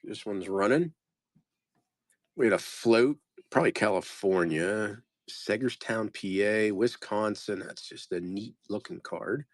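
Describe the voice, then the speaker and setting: Low-voiced man flipping through postcards. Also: unhurried, dry recording, clean studio sound. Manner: rambling, self-deprecating, reading off card names. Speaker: live-stream postcard seller. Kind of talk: casual live-sale narration.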